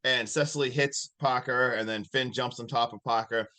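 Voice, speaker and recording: A man co-hosting a podcast, recapping a movie plot in a casual, animated way. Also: mid-range voice, normal speed. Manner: animated storytelling, laughing often. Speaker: podcast co-host.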